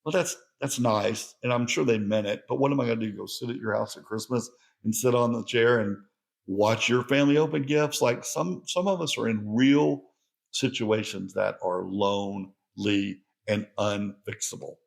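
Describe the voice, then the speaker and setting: A man's voice: fairly low pitch, steady tone, moderate pace, vocal fry. A middle-aged man hosting a podcast, talking in an earnest, heartfelt monologue. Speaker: podcast host.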